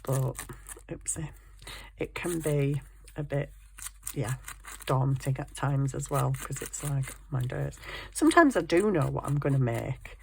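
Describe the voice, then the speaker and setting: Low, gravelly woman vlogging. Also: a little slow, pauses often, darkish tone, a little hiss or hum. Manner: rambling, self-deprecating, chatty. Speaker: craft vlogger. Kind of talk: casual crafting chat. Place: home craft desk.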